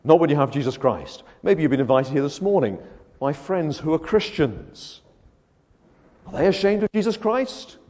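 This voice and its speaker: A preacher delivers an evangelistic sermon at a moderate pace, his pitch rising and falling sharply as he fires off one rhetorical question after another. He swings from hushed lows to loud, emphatic peaks, and the long reverb of a large, echoey hall surrounds his voice.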